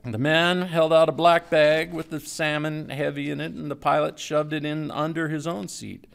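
A man giving a live literary reading of a story, in a measured storytelling manner that drops low and quiet for tense moments. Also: flat delivery, gravelly, smooth. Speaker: writer reading his own story. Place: stage before a live audience.

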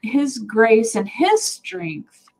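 A woman sharing a personal faith story on a talk show, earnest and animated, laughing often. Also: on the high side, very slow, creaky, rough recording. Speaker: guest sharing testimony.

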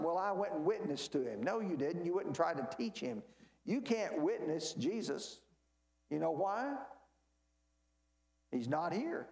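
A man teaching a Bible class at church has a high voice with a darkish tone and wide pitch swings. He speaks emphatically, often asking a question only to answer it, and the sound echoes through the spacious church.

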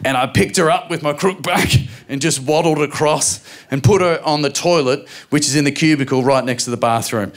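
A man in his thirties with an Australian accent, performing a stand-up comedy routine and acting out quick voices of his family. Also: on the high side. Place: live comedy venue with audience laughter.

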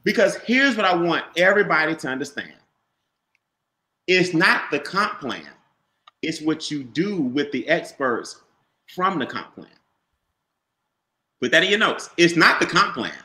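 A man giving an animated, repetitive motivational sales talk about a home business, calling on listeners by name. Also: fairly high pitch, unhurried, pauses often, echoey room. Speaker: business opportunity presenter.

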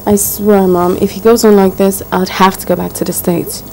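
A woman's voice: medium pitch, fairly even intonation, moderate pace, darkish tone, a little hiss or hum, natural voice, rough recording. An actress as an indignant spoiled young woman. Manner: indignant, complaining. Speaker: daughter, fiancée. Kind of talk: film drama dialogue.

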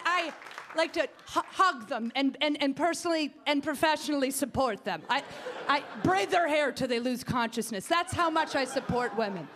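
A woman's voice: high-pitched, noisy background. A woman comedian doing a stand-up set in a comedy club, ranting with sarcastic exasperation on a stage mic.

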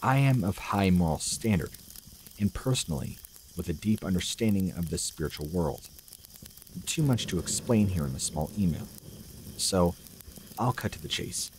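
Deep-voiced man narrating horror stories. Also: animated, moderate pace, darkish tone, a little hiss or hum, rough recording. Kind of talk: scripted narration of scary stories.

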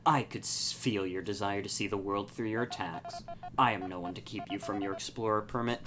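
A woman voicing a stern, aloof male mantis swordsman in a video game, speaking slowly and formally. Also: extremely low pitch, fairly even intonation, over music. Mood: solemn. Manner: slow, grave and formal.

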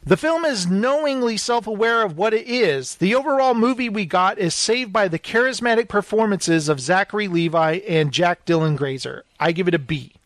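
A man co-hosting a podcast in casual chat, an animated storyteller who acts out what people said. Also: sits high, moderate pace, few pauses, no room sound. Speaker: podcast co-host.

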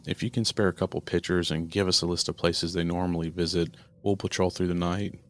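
A man voicing a calm, businesslike male police officer in a horror audio drama, matter-of-fact and reassuring. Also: sits low, a little fast, close to an everyday voice.

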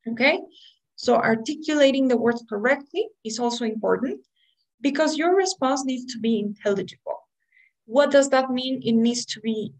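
High-voiced woman teaching a class. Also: rough recording. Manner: explanatory, asks "right?" often. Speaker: English test prep teacher. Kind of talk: online class lecture.

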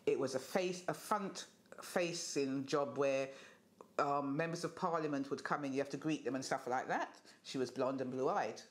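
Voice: mid-range voice, moderate pace. An older speaker recalling their experiences in a documentary interview in a hesitant, reflective way. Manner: hesitant and reflective, many fillers.

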